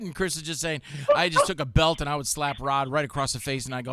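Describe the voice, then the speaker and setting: A man hosting a casual talk show, telling animated stories and acting out what others said. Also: fairly high pitch, fast, few pauses. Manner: animated storyteller, acts out quotes of others. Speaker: show host. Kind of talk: casual chat with jokey impressions.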